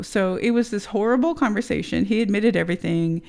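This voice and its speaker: Gravelly-voiced woman telling a candid story. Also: mid-range voice, brisk, hardly any pauses, a little mellow. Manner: casual, profane, many fillers and rhetorical "right?". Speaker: podcast guest telling her story.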